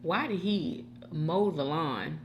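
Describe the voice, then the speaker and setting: A woman's voice: low-pitched, slow pace, highs cut off, a little hiss or hum. A woman hosting a mukbang at home, chatting casually and talking straight to her viewers. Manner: chatty, animated, addresses viewers directly. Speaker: mukbang host. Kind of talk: casual chat while eating.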